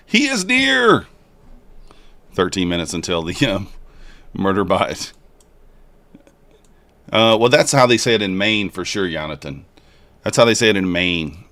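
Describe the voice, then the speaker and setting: A man casually commenting live while trading and chatting with viewers in a relaxed, joking way. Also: sits low, brisk, no echo. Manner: relaxed, chatty, jokes with chat. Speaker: livestream trader.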